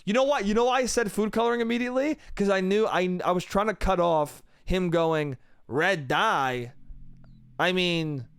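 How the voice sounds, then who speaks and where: A man's voice: high-pitched, fairly quick, vocal fry, hardly any pauses, clean tone, no echo, clean studio sound. A young man hosting a solo podcast, ranting with profanity and exasperation, now and then mimicking other people. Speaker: podcast host. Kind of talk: solo comedic rant.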